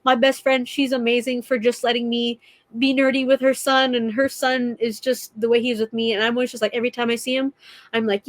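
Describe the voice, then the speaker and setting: Earnest young woman, a bit high. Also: little pitch movement, fast talker, no room sound. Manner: earnest, emotional, gushing. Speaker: podcast guest. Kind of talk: casual conversation.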